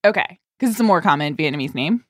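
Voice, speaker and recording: A woman co-hosting a comedy podcast, animated and quick to laugh as she riffs in casual chat. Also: sits low, no room sound, studio quality. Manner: laughs often, animated, riffing. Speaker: podcast co-host.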